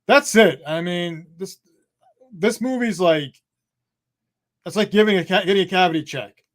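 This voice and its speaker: A man reviewing films on a live online panel, blunt and profane, pausing often as he talks over a video call. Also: high voice, fairly bright tone. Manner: blunt and profane, with halting pauses.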